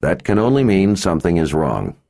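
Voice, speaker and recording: A man's voice: deep voice, sing-song, fairly quick, a little mellow. A man narrating an audiobook, voicing a big, tough, protective father with a blunt, demanding drawl. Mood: stern. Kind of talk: audiobook character voice.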